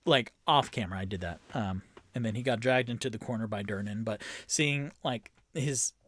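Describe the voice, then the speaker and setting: A man's voice: on the low side, moderate pace, fairly bright tone, no echo. A man narrating a tabletop game alone as game master and player, rambling with many fillers and bursting into groans of dread. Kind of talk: solo tabletop actual-play narration.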